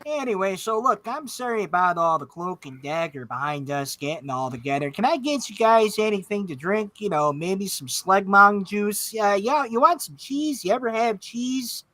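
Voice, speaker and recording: A hulking orc barkeep, put on by a man who drops his tough act and chats warmly in a Midwestern US accent. His voice sits a touch high and rings bright. He sounds eager to please his guests. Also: animated, normal speed, few pauses. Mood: friendly. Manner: genial, chatty, hospitable. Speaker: game master.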